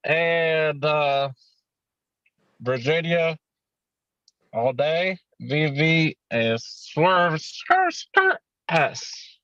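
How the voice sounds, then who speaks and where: A man's voice: fairly high pitch, drawn-out words, long pauses, a bit bright, smooth, no room sound. A man guest in a casual chat, easygoing and slangy. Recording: dull dry remote call audio.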